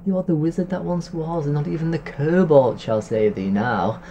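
A man's voice: a little high, moderate pace, warm tone, dull audio, a little hiss or hum, pitched above the performer's own voice, close to an everyday voice. A man doing a cackling taunting witch. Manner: eerie, singsong and rhyming. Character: cackling witch taunting inside a wizard's head. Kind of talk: storybook reading.

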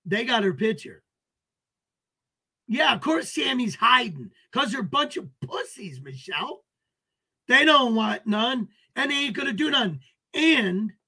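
A man's voice: high-pitched, bright, forceful tone. A man hosting a livestream, ranting at chat in an aggressive, taunting, profane way and greeting viewers by name. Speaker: livestream host.

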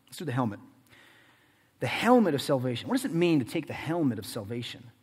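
Reverberant pastor preaching with dramatic swings. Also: male voice, mid-range voice, sing-song, fast talker, husky. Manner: dramatic swings between loud and hushed delivery. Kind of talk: sermon.

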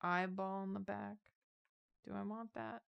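A woman co-hosting a drawing show, musing aloud about her drawing in a hesitant, deadpan way. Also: medium pitch, unhurried, gravelly, clean tone, highs cut off. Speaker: show host. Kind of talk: casual chat while drawing.

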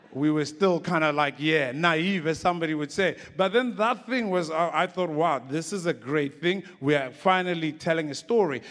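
A man's voice: on the high side, fairly bright tone. Man telling stories on stage. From South Africa. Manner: loose, laughing, stumbling restarts. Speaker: guest speaker. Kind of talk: stage talk, storytelling. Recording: echoey hall.

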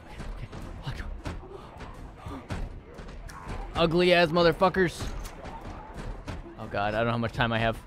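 A man's voice: on the high side, lively intonation, a little slow, pauses often, faint music behind. A young man streaming a game for the first time, talking to himself and chat, swearing and yelping in panic. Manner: panicky, swearing, yelps and shouts when startled. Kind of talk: live gameplay commentary.

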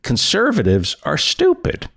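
A middle-aged man hosts a comedy podcast and lectures his guest with wry, playful emphasis. His pitch swings very widely, jumping high and dropping low as he makes his points. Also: wildly swooping pitch, a little slow, creaky, fairly bright tone, husky. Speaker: podcast host.

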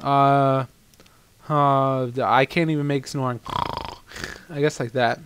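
A man's voice: mid-range voice, steady tone, slow pace, pauses often, a bit bright, clean tone. A man giving rambling, casual let's-play commentary over a video game and swearing now and then. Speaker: gaming channel host.

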